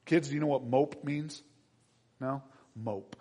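A man preaching a sermon, asking the congregation and children questions and swinging between quiet asides and loud, emphatic build-ups. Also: medium pitch, measured pace, slightly rough, long reverb tail. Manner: addresses the congregation and kids with questions. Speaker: pastor.

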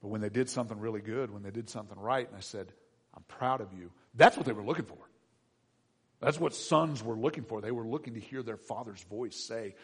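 A middle-aged man preaching a conversational sermon as pastor, with soft asides and gentle quoted lines. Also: lowish voice, lively intonation, moderate pace, husky. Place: church sanctuary. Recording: long hall reverb.

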